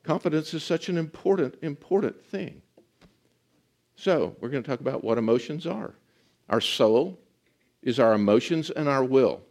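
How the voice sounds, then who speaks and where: A pastor preaches a sermon in an earnest, emphatic teaching style, his mid-range voice animated. He slows to stress words and sometimes drops to a soft voice.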